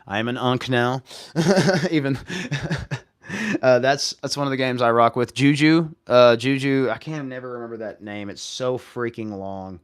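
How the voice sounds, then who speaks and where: A man's voice: mid-range voice, measured pace, clean tone, no echo, studio quality. Goofy rambling man from Arkansas. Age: 30s. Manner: rambling, goofy, slangy, bursts into silly voices. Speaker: livestream host, console modder. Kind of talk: casual livestream chat.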